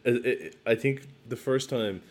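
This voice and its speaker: A man from Ireland chatting casually on a podcast, halting and repeating words as he tells a story. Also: medium pitch. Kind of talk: casual chat.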